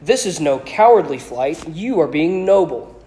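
In a storybook reading, a man voices a sly, haughty dead professor trapped in a portrait, drawling smoothly and lazily as he lectures the boy with open, smug scorn. His voice is a little high, a little slow and dark-toned yet animated.

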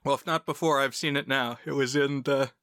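A man co-hosting a podcast in casual chat, relaxed and quick to laugh while retelling clips. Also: medium pitch, no room sound, clean studio sound. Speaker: podcast co-host.

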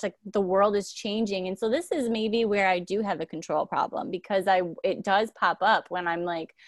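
A woman's voice: medium pitch, no room sound. Young woman, casual podcast chat, candid and emotional, dry close sound. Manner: candid, lots of "like", emotional storytelling.

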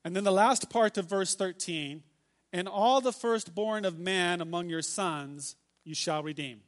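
A man with a notably high voice delivers a sermon from the pulpit. He reads scripture aloud and lingers on key phrases, repeating them slowly and with emphasis. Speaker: pastor.

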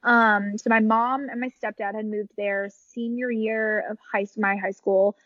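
A woman's voice: medium pitch, steady tone, measured pace, fairly bright tone, no echo, dull audio. A young woman from Michigan, a guest musician in a casual podcast chat, talking in a chatty, giggly, rambling way with lots of fillers.

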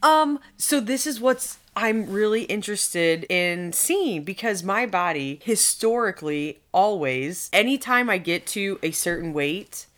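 Chatty woman spinning animated stories. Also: medium pitch, measured pace, hardly any pauses. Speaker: podcast co-host. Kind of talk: casual chat.

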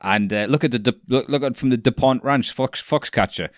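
A man chatting casually as a podcast co-host, animated and swearing freely, laughing at his own jokes. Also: medium pitch, brisk, dry recording, studio quality. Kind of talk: casual chat.

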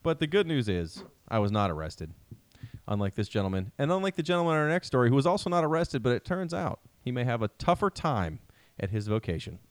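Fast-talking wry man with a lively voice. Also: mid-range voice, no echo. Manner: joking, laughs often, wry storytelling. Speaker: podcast co-host reading news stories. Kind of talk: casual comedic podcast banter.

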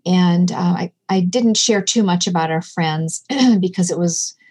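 A woman's voice: on the low side, a little slow, darkish tone, husky. A middle-aged woman, a podcast guest, talking earnestly and telling stories with quoted dialogue. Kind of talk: casual conversation.

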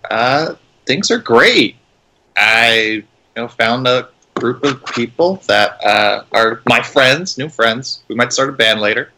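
A man at a tabletop game speaks in character, stumbling through excuses in a flustered, rambling way. His voice is bright and very lively in pitch. He keeps the tone sheepish but tries to bluff. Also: takes it slowly, slight background noise. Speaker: player. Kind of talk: in-character tabletop role-play.

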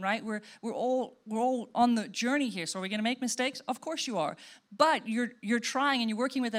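A woman pastor delivering a sermon with a fairly high voice. She talks to the congregation in a casual, conversational way. She often acts out her own reactions as she goes. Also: a bit bright.

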